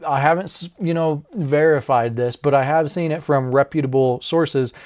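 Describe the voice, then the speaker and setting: A fairly high-voiced American man hosts a loose, chatty MMA breakdown. He rambles, swears freely and cracks jokes at his own expense. The delivery is casual and off the cuff. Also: darkish tone. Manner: rambling, profane, jokey, laughs at himself. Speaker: MMA channel host. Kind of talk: casual fight breakdown vlog.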